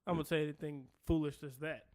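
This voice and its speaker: A man's voice: fairly high pitch, steady tone, fast, a little mellow, no room sound. A man co-hosting a podcast, teasing his co-host and laughing often in slangy, casual chat.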